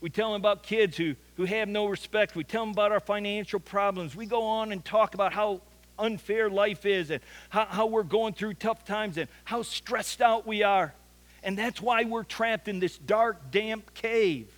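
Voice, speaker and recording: In a large hall with a long reverb, a male pastor preaches, earnestly recounting a scripture story and often repeating words for emphasis. His voice is high-pitched and his pace moderate.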